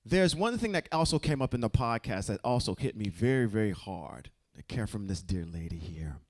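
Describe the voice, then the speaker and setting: A man's voice: fairly low pitch, sing-song, moderate pace, a little mellow. A man leading a casual Bible study, quizzing his listeners and often checking in with "okay?" and "right?". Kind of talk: casual scripture teaching to a group.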